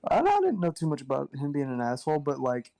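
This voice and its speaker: A man's voice: fairly high pitch, wildly swooping pitch, fast, warm tone. A young man joking and telling funny stories in casual chat with friends. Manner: joking, laughing storyteller.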